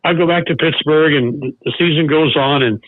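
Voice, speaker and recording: A man's voice: a little high, no room sound, phone-quality sound. Older man telling a story, phone-thin sound. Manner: halting, with many restarts and fillers. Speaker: podcast guest, former baseball coach. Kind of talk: personal storytelling.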